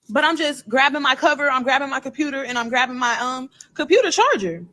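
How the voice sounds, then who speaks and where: Young woman with a high voice, earnest story-time vlog, repeats herself. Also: expressive, fast talker, bright, forceful tone, low-quality recording. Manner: earnest, repetitive retelling. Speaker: storyteller in a played clip.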